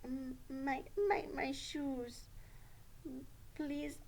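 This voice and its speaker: A woman's voice: high-pitched, level tone, extremely slow, a little mellow, pitched above the performer's own voice, heavily acted. A woman voicing a jittery, overexcited little girl puppet who stammers and sounds near tears. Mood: hesitant.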